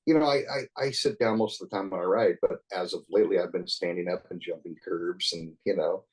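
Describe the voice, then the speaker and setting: Low-voiced man in his sixties, rambling. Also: brisk, husky, low-quality recording. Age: 60s. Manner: rambling, peppered with "you know", chuckles often. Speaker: podcast guest. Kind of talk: casual storytelling.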